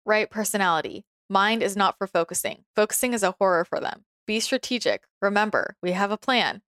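A young woman musing aloud in a relaxed monologue, chatty and full of little laughs and restarts. Her voice sits at an ordinary middle pitch. It is recorded dry and close, with no room sound. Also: a little fast, dry recording. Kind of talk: casual reflective monologue.

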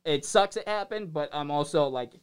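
Man with a smooth, clear voice as a rambling, easygoing podcast guest. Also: on the high side, lively intonation, normal speed. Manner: loose, rambling storytelling. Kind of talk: casual chat.

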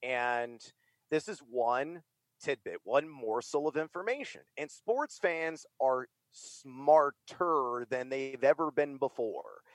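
Heard with no room sound, a medium-pitched man chats in a casual interview. He's a middle-aged American who broadcasts and writes about fantasy sports, and he's energetic and emphatic, full of fillers.

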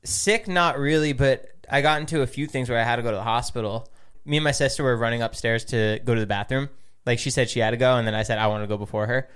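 A man's voice: mid-range voice, fast talker, hardly any pauses, a bit bright, clear, resonant tone. A young man co-hosting a podcast, telling a long story in casual, rambling chat with a playful tone. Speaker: podcast co-host.

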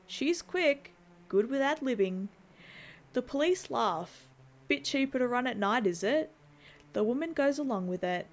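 Woman narrating a movie recap with wry asides. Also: medium pitch.

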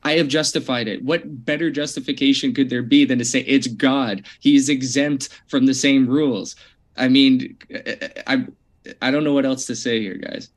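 A man in an online debate, defending his position in a relaxed, hesitant way. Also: medium pitch, normal speed.

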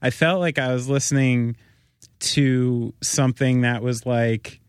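A man's voice: medium pitch, steady tone, unhurried, clean tone, no echo, clean studio sound. A man hosting a podcast in casual chat, rambling and swearing freely. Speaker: podcast host.

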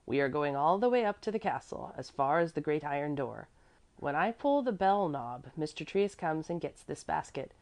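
Earnest, fretful old housekeeper type, emphatic, with lively pitch swings, read by a woman. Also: moderate pace. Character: fussy, devoted older woman servant.

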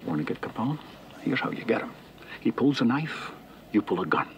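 An actor playing a gruff older street cop who lays out hard truths in an intense, low voice, heard in a film clip. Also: male voice, sing-song, moderate pace, a little hiss or hum. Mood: menacing. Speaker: film character. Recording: film clip, distant with background ambience.

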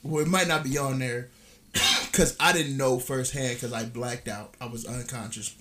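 A young man co-hosting a podcast, telling a story in casual chat, laughing often and acting out quotes loudly. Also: medium pitch, fairly even intonation, moderate pace. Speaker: podcast co-host.

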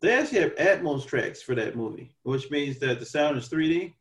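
A man co-hosting a casual podcast, talking movies in an animated way and laughing often. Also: fairly high pitch, fairly quick, far from the mic. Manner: animated, laughs often, quotes characters in put-on voices. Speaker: podcast co-host.

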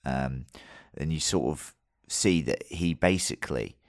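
Deep guy podcast host, chatty, swears a bit, very dry close sound. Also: unhurried, no room sound. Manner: loose, swearing, filler-heavy storytelling. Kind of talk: casual podcast chat.

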